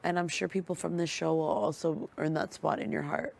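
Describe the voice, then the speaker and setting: A man with a high voice and a gravelly edge chats casually, encouraging and teasing a friend. The live-feed audio carries clear hiss and clicks underneath. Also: fairly even intonation, fairly quick. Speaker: reality show houseguest. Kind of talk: casual late-night chat.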